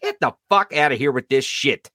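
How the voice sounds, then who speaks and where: A male podcast host in full rant mode, his pitch leaping up and down. His tone is bright and edgy, loaded with sarcasm and swearing, and the sound is close and dry with no room around it. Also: normal speed, dry recording. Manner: animated, profane ranting with laughs and sarcasm. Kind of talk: live-streamed political commentary.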